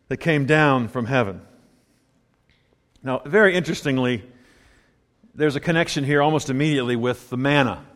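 A man with a slightly higher-than-usual voice preaches a sermon in a talky, conversational way. He drops to low murmurs and then lifts into emphatic points. A long reverb trails his words through a large hall. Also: fairly bright tone.

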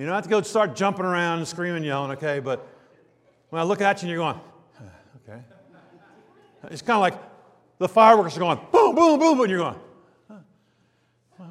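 A middle-aged man preaching a sermon, swinging from loud emphasis to quiet asides. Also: fairly high pitch. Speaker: pastor. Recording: reverberant hall.

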